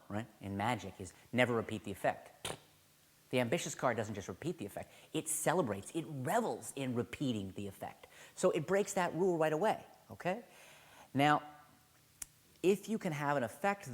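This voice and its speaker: In a casual video tutorial on card sleights, a man with a mid-range voice speaks enthusiastically and conversationally, often correcting himself mid-sentence.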